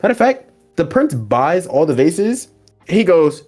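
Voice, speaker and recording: Speaking a little slowly in a slightly high voice, a man retells anime episodes on his casual podcast while soft music plays. He laughs a lot and brings the story to life by performing characters' lines.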